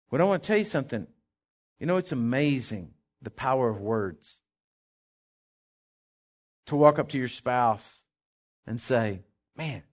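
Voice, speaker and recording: A male pastor preaching a sermon, swinging from hushed asides to loud, fervent declarations. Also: a little high, animated, moderate pace, long pauses.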